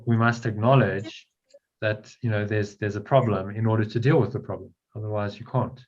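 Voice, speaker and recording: A man's voice: on the low side, fairly even intonation, normal speed, darkish tone. A man leading a spiritual study group, explaining a text patiently and often repeating his words. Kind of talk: guiding a spiritual text discussion. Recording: dull lo-fi sound.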